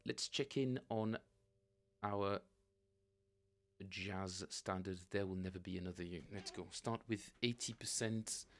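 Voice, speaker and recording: A middle-aged man, a bassist, chatting casually to viewers on his live practice stream, rambling and correcting himself as he goes. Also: measured pace, a bit bright. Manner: rambling and self-correcting, chuckling often.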